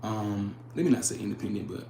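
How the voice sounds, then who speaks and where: A man's voice: lowish voice, brisk, mellow, reverberant, slight background noise. A young man hosting a casual livestream, talking earnestly, repeating his phrases and reading chat comments aloud. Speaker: livestream host.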